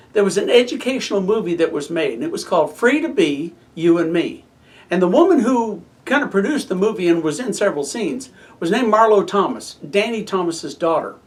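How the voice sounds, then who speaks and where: A man giving a spoken devotional and prayer, telling stories with emphasis and then quieting to a hush for prayer. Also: high-pitched, distant mic. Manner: storytelling, emphatic, drops to a soft hush in prayer.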